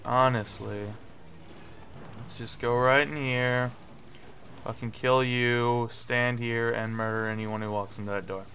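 A young man doing live gameplay commentary, swearing and getting frustrated, with sudden yelling bursts. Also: medium pitch, level tone, takes it slowly, a little hiss or hum. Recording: faint music behind.

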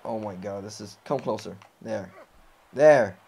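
A young man commenting on his own wrestling video game playthrough, often frustrated and yelling or swearing at the game. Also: lowish voice, a little slow, creaky, slightly rough. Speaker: gamer recording a playthrough. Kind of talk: live gameplay commentary.

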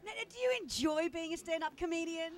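A woman with an Australian accent reporting from a festival, her voice pitched high. She asks questions in a chatty, playful and encouraging way. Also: lively intonation, brisk. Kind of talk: festival red-carpet interview. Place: busy festival event in New York.

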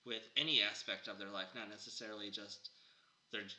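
A podcast host with a lowish, steady voice that is bright and forceful chats casually with his guest in an interview, laughing often. He speaks fairly quickly, and the recording is rough.

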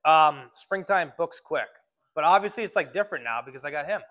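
A man's voice: fairly high pitch, lively intonation, fairly quick, bright, forceful tone. A man working as a fishing guide, giving a casual talk to a club audience and speaking in a loose, filler-heavy way.

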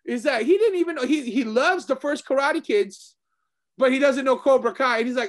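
Excitable man with a high voice. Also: normal speed. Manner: animated, excitable, repeats himself. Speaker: martial arts instructor and co-host. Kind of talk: casual chat.

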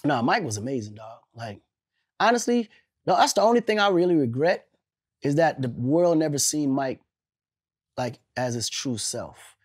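A man in his forties, an interview guest telling animated stories, laughing and swearing casually. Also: medium pitch, normal speed.

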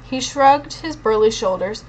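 A woman reads a first-person novel aloud with lively expression and a slightly high voice. Now and then she stumbles over a word, and a faint hiss of noise sits under the reading. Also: a little slow, poor audio. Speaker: audiobook reader. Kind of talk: storybook narration in first person.

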